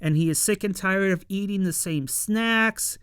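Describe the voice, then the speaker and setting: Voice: medium pitch, a little slow, a bit bright, smooth, dry recording, studio quality. A reviewer recapping a TV episode in a casual, rambling way, full of fillers and acting out the characters' lines.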